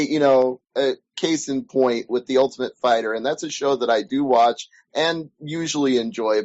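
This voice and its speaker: A man's voice: mid-range voice, dry recording. Male interviewer, thoughtful, stop-start phrasing, muffled dry audio. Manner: thoughtful, hesitant with restarts. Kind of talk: casual interview chat.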